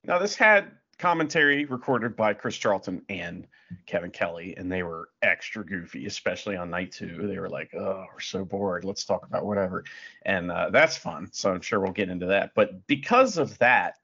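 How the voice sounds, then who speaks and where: A man co-hosts a podcast in a casual chat, reading facts aloud with sarcastic asides and profane jokes. His voice is low-pitched, husky, and sharp-toned, with lively intonation at normal speed, and the recording is muffled.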